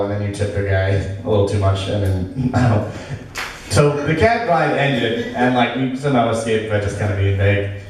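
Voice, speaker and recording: A man doing a stand-up comedy set on stage, talking in a halting, rambling way with lots of restarts. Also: medium pitch. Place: small comedy venue stage. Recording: very echoey room, mic from a distance.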